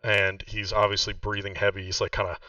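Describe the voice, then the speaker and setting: A man running a tabletop game, rambling through his narration with frequent fillers. His lowish voice sounds bright yet distant and muffled, in a dry space. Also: flat delivery, fairly quick, no room sound. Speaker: game master.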